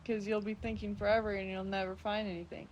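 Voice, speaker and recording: A woman's voice: medium pitch, level tone, fast, darkish tone. A young woman, a guest on a casual podcast, chatting and laughing often as she talks. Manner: giggly, laughs often while talking. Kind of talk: casual chat.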